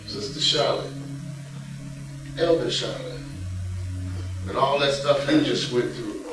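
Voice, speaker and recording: Slow-preaching pastor in an echoey church. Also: male voice, medium pitch, steady tone. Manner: folksy preaching, repeats a catchphrase, reads scripture aloud. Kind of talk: sermon. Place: church sanctuary. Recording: echoey church hall from a distant mic with faint music.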